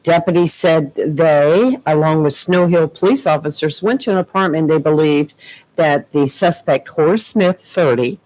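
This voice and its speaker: Chatty radio cohost reading weather and local crime news, mid pitch. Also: moderate pace, a little mellow, rough recording. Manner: chatty, amused storyteller. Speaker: radio co-host.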